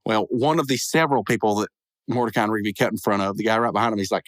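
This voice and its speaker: A man's voice: on the low side, steady tone, very fast, no echo. Rambling man recapping a cartoon. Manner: rambling, chuckling asides. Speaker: podcast host. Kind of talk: casual episode recap.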